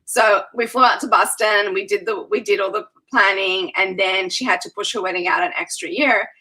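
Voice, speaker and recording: A woman who plans weddings and events, telling animated stories in a casual interview and laughing often. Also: mid-range voice, normal speed, breathy edge, low-quality recording.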